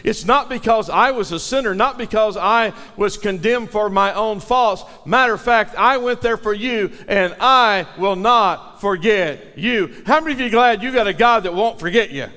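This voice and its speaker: A man preaching in a church sanctuary, his voice high and bright. He builds to forceful peaks and draws the congregation into repeating lines back to him, with a long reverb trailing behind. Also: normal speed, hardly any pauses. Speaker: pastor. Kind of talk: sermon.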